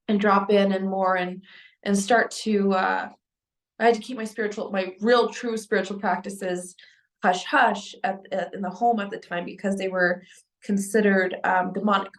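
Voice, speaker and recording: Earnest woman, halting, echoey room. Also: medium pitch, creaky. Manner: earnest, halting with many restarts and fillers. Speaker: spiritual vlogger. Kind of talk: personal testimony to camera.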